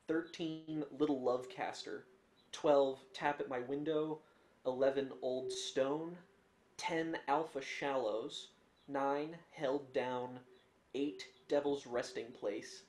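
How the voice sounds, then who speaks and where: Male co-host, very slow delivery, faint background noise. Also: mid-range voice, darkish tone. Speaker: podcast co-host. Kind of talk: casual podcast chat.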